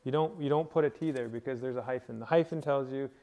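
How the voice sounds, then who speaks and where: A man's voice: mid-range voice, fast, lo-fi sound, crowd noise. Man teaching patiently in a class. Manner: patient, explains step by step and checks understanding. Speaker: language teacher. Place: indoor camp teaching session.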